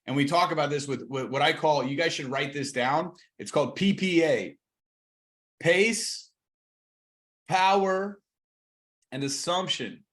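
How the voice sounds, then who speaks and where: A man coaching real estate agents in a training talk, energetic, restarting words and slowing for emphasis. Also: fairly high pitch.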